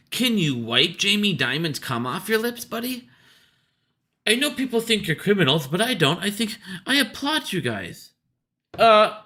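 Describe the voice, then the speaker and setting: High, bright-voiced ranting man. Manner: profane, sarcastic, mocking. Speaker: video commentator. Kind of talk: ranting commentary.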